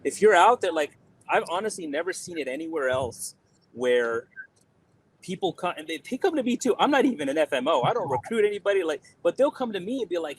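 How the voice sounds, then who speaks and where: Brief: man podcast guest, slightly high voice, emphatic and persuasive, casual interview. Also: fairly quick, slight background noise, rough recording. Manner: emphatic, persuasive, lively explaining. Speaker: podcast guest, insurance software expert.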